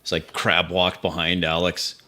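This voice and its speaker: A man's voice: low-pitched, completely flat delivery, moderate pace, sharp tone. A man playing a tabletop role-playing game, describing his character's combat moves in a matter-of-fact way. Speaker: player.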